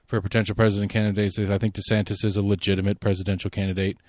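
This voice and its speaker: A man hosting a solo podcast, giving rambling, opinionated political commentary and thinking out loud. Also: fairly low pitch, level tone, rapid-fire, dry recording, clean studio sound. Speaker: podcast host.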